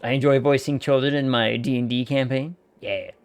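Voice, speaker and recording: A man's voice: mid-range voice, fairly even intonation, a little fast, clean tone. A man streaming a game, chatting loosely with viewers and swearing casually. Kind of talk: casual gaming stream chat.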